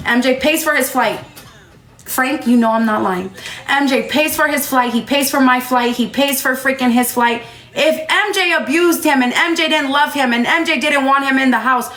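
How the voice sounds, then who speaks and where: Woman on a live stream, fired-up storytelling, kinda high voice, echoey room w/ faint music. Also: fairly bright tone. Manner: fast, heated retelling with quoted dialogue. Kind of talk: emotional storytelling to a live audience.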